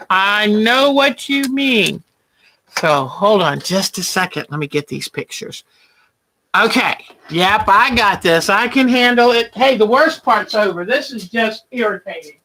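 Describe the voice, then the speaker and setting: Woman hosting a live quilting show, unhurried and chatty, bright tone, sweet-talks viewers. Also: on the high side. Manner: chatty, affectionate, calls viewers honey and hon. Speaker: quilting livestream host. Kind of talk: casual livestream chat while quilting.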